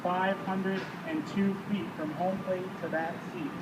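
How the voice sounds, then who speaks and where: Leading a guided tour outside at a ballpark, a man with a high, fairly flat voice speaks at a measured pace, telling stories and quizzing the group. The recording sounds distant and echoey, with noise in the background.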